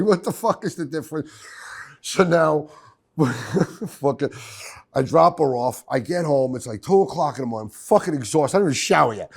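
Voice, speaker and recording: A middle-aged man telling a profane, animated story on his podcast. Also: medium pitch, moderate pace, slightly rough. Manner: profane, animated, acts out voices. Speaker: podcast host.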